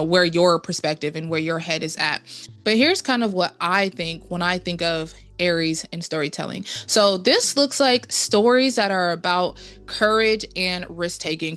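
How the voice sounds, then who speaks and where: A woman with a slightly low voice talks through her ideas in a loose, conversational way, stopping to rephrase as she goes. Faint music plays underneath her. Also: a bit bright. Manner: conversational, with fillers and restarts, invites viewer opinions. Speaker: astrology and film commentator. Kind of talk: casual explanatory video talk.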